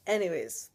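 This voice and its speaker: On a laid-back vlog, a young woman vents about a TV episode she's reviewing, exasperated and angry, sighing often and cursing mid-sentence. She's recorded through a webcam or the camera's built-in mic.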